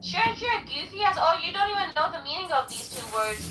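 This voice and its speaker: A woman's voice: very high voice, very animated, a little fast. A woman trading crude taunts in a group voice chat, heckling others with repeated jabs. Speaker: voice chat participant. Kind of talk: crude trolling banter. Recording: distant echoey voice chat with faint noise.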